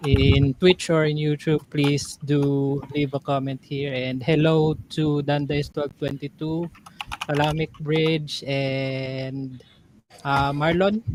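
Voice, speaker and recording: A man on a gaming panel who speaks very slowly in a slightly high voice, greeting chat viewers one by one. Faint keyboard typing sits behind him. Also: slight background noise. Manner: unhurried, greets viewers by name.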